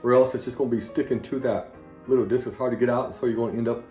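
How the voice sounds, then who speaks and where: A plain-talking man with a Southern accent hosts his own home cooking video, rambling folksily as he mixes ingredients. His voice sits in an ordinary middle pitch. The kitchen sounds echoey, with faint music playing underneath. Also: steady tone, fast, dark tone. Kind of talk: casual cooking demonstration.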